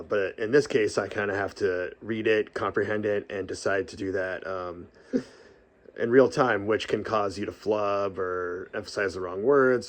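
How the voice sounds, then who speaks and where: A middle-aged man talking casually about podcasting, rambling with fillers and restarts, laughing often and letting out a breathy sigh after long phrases. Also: fairly low pitch. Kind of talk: casual vlog talk.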